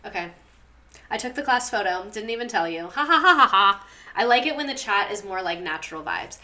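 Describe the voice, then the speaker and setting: A woman's voice: mid-range voice, expressive, a little fast, a bit bright. A young woman hosting a casual livestream, chatty and rambling as she reads viewer stories and talks back to the chat. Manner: chatty, rambling, lots of "like" and laughs.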